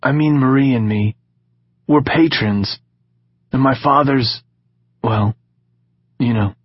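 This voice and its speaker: A man's voice: mid-range voice, takes it slowly, breathy edge, dry recording, highs cut off, voice pushed up. A man voicing Knox, a wry nervous teen. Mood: worried. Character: nervous wealthy teenage boy, wry.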